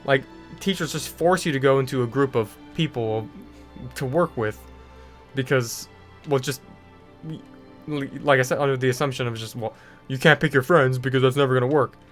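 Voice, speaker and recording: Young guy, mid-pitched, rambling gaming rant, faint music under it. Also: normal speed. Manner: ranting, frequent fillers and restarts. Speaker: gaming video creator. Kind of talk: casual rant over gameplay.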